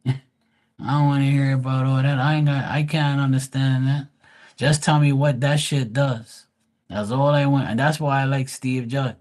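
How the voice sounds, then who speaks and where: A man's voice: mid-range voice, little pitch movement, measured pace, a little mellow. A man chatting casually on a livestream, blunt and profane, rambling with frequent restarts. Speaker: live stream host.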